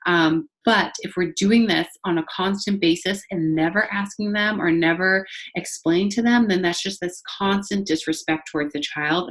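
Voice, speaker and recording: A woman giving a recorded training talk to childcare staff, speaking conversationally to the camera with many fillers and restarts. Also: lowish voice. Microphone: facing the camera.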